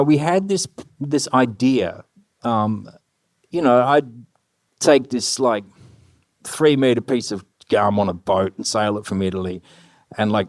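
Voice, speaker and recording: A middle-aged man telling anecdotes on stage, animated, swearing freely and acting out the lines of other people. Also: mid-range voice, no echo, studio quality. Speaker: guest musician. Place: live stage before an audience.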